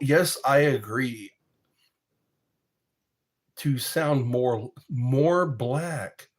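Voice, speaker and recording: Speaking very slowly and leaving long pauses, a man with a mid-range voice rambles through casual vlog stories. He keeps chuckling and cutting himself off mid-sentence.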